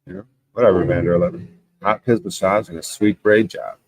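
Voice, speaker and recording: A man's voice: sits low, steady tone, a little fast. A man hosting a livestream, reading the chat aloud and arguing insistently, with plenty of swearing. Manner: argumentative, insistent, swears a lot. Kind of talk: casual profane livestream rant.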